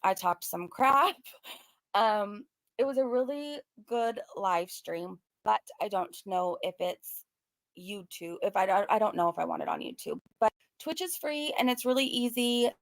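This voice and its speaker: Young woman rambling to her viewers, gravelly voice, dry close mic, lots of um and like. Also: medium pitch, unhurried, no room sound. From Southern California. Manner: rambling, earnest, many fillers like "um" and "like". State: choked up, near tears. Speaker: commentary YouTuber. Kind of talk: casual commentary vlog.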